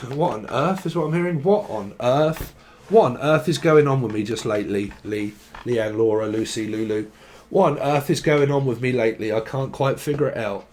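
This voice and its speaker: A man's voice: mid-range voice, darkish tone. A man giving a rambling tarot reading, jumping between word associations, sung snatches and frequent laughs. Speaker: tarot reader. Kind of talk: casual channelled tarot reading.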